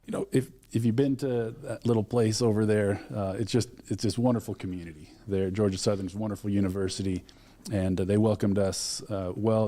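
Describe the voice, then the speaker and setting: A man's voice: on the low side, warm tone. A man being interviewed as an alumni relations director, earnestly retelling events with quoted dialogue. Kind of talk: radio interview guest.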